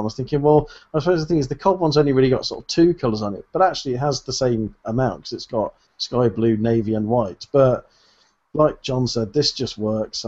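A man's voice: mid-range voice, darkish tone. A man co-hosting a podcast, rambling in a jokey way and laughing between his points. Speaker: podcast co-host. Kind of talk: casual chat. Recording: dull lo-fi sound.

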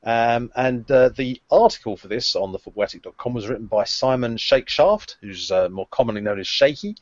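A man's voice: mid-range voice, lively intonation, brisk, no room sound. Man hosting a chatty podcast, dry lo-fi sound. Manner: chatty, hesitant with frequent ums and uhs. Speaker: podcast co-host leading the discussion. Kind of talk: casual chat.

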